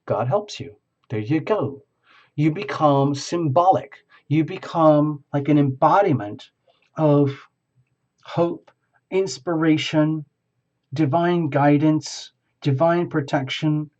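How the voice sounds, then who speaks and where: A man giving a tarot reading in a rambling, halting, effusive way. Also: on the high side, a little mellow, highs cut off. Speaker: tarot reader.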